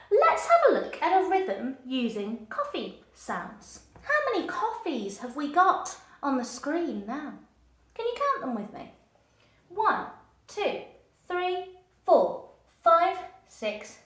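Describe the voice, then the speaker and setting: A primary school music teacher leads a children's lesson, encouraging the class and chanting rhythms for them to clap along to. Her voice sits high and a bit bright, with a roomy sound, and a screen stands behind her in the room.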